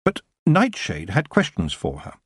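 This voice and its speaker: A man narrating a fantasy audiobook in a lively storytelling manner. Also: sits low, measured pace, breathy edge, dry recording, studio quality. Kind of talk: scripted narration.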